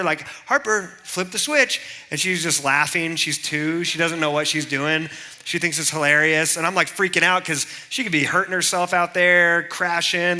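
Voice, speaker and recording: A man's voice: a little high, bright, forceful tone. A man in his thirties giving a casual youth sermon, telling personal stories in a chatty way and calling on the audience for answers. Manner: chatty, storytelling, calls on the audience.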